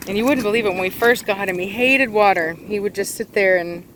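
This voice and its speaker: A mid-pitched dog trainer explains puppy training in a relaxed, chatty way, pausing on fillers and restarting sentences. It is recorded outdoors beside water. Engine rumble and water sounds come through clearly. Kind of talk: casual outdoor training vlog.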